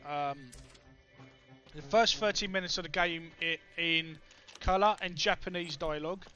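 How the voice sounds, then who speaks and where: A young man with a Cockney accent, chatting excitedly to his stream chat while he plays. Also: fairly high pitch, a little slow, highs cut off, soft background music. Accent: London Cockney. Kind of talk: casual let's play commentary.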